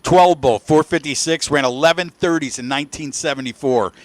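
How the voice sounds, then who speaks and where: A man's voice: on the high side, brisk. Folksy man in his sixties calling races. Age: 60s. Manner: folksy storytelling, shouts with excitement at the action. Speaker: race commentator. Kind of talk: live drag racing commentary.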